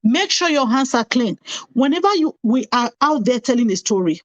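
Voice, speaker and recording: A woman's voice: fairly high pitch, sing-song, moderate pace, no room sound. A middle-aged woman telling a painful personal story earnestly, repeating phrases for emphasis. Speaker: guest telling her story.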